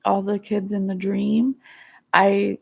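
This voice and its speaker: A psychic host speaks to her listeners in a soft, earnest and emotional tone. Her mid-pitched voice has a gravelly fry running through it. She talks like someone offering heartfelt spiritual advice. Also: level tone, takes it slowly. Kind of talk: spiritual guidance talk, reading viewer comments.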